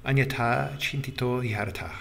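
A man voicing a calm, measured Canadian husband, in an audiobook. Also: medium pitch, creaky.

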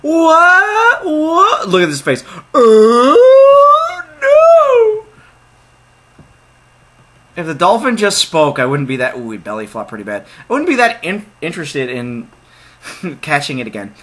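A man giving casual let's play commentary, excitable, with loud outbursts and laughter. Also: a little high, fairly quick, breathy edge.

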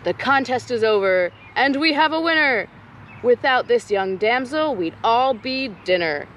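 A woman's voice: on the high side, lively intonation, unhurried, fairly bright tone, slight background noise. A woman doing a proud cicada announcer. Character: cheerful male cicada making a speech.

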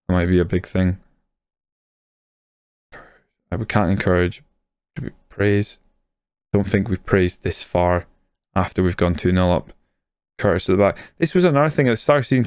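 A man's voice: fairly low pitch, clean tone, no echo. A young man, casually commenting on his own football management game and getting worked up over goals. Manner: excitable, swears when a goal goes in. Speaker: gaming YouTuber.

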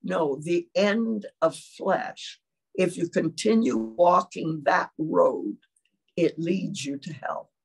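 An older woman delivers a sermon at an unhurried pace. She speaks in measured phrases and keeps checking in with her listeners. She clears her throat now and then. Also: on the low side. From China. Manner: measured, often checks in with "all right?". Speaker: preacher.

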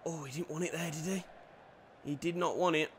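A young man giving lively commentary over a football video game, dropping to quiet play-by-play and bursting into shouted cheers. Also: on the high side, a little fast, slight background noise. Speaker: gaming YouTuber.

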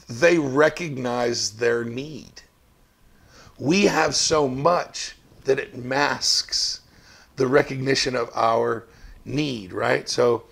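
A man's voice: medium pitch, gravelly. A male pastor preaching a sermon to his congregation in a conversational, storytelling way.

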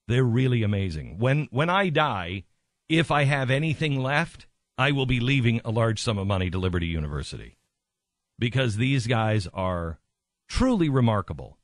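Radio host guy, fired up and insistent, says stuff twice to hammer it, mid-pitched, dead dry studio. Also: sing-song, normal speed, dry recording. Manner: emphatic, impassioned, repeats himself for stress. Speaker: radio talk show host. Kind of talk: talk radio commentary.

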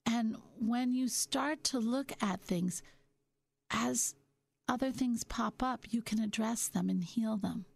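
A middle-aged woman hosting a reflective self-help talk, musing gently and slowing down on her key points. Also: on the high side, gravelly. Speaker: podcast host.

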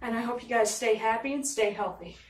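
A woman's voice: on the high side, fairly quick. A woman hosting a workout video, counting reps aloud and chatting with a giggle while she exercises, out of breath. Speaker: fitness video host. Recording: echoey room, mic at a distance.

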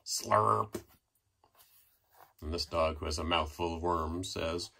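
A man's voice: low-pitched, fairly even intonation, a little slow, creaky, long pauses, bright, forceful tone, breathy edge. A man hosting a children's storytime, reading aloud playfully with sound effects and prompts for the audience at home. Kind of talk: read-aloud storytime for kids.

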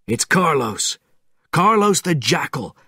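A man's voice: on the high side, sing-song, slow pace, bright, forceful tone, slightly rough, no room sound, studio quality, pitched above the performer's own voice, full character voice. A man doing an urgent, anxious ex-spy. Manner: urgent, commanding. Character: anxious middle-aged male ex-spy with a limp.

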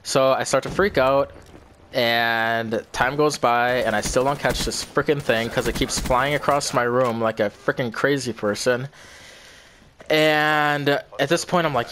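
A man's voice: medium pitch, fairly even intonation, measured pace, a bit bright, slight background noise. Young man rambling through a story. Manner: rambling, swears often, repeats himself. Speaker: vlogger. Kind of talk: casual storytelling.

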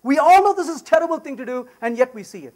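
A man giving a technical talk at a conference, his voice high and bouncing all over the place. He jokes with the audience and keeps checking in with a quick "right?". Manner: animated and joking, repeats "right?". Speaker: conference speaker.

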